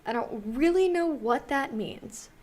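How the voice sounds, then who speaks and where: A woman's voice: high-pitched, lively intonation, measured pace, darkish tone. Rambling young woman podcast co-host. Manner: rambling, self-deprecating, giggly. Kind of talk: casual chat.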